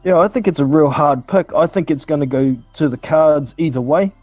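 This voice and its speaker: A man's voice: fairly high pitch, moderate pace, a little mellow, dry recording, soft background music. A man chatting casually about fights as a panelist, blunt and swearing freely, with hesitant fillers. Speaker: podcast panelist. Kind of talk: casual boxing chat.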